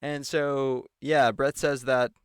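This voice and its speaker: A man's voice: medium pitch, little pitch movement, slow pace, clear, resonant tone, no echo, clean studio sound. A man giving a sarcastic commentary on a televised debate and mocking the anchors. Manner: mocking, mimics the anchors in exaggerated voices. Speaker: political commentator.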